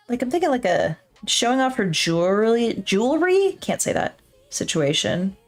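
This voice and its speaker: A woman's voice: mid-range voice, sing-song, moderate pace, soft background music. A woman artist thinking aloud while she draws, chatty and self-deprecating, joking to herself into her desk mic. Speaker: digital artist streaming her work. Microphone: her own desk mic with a pop filter.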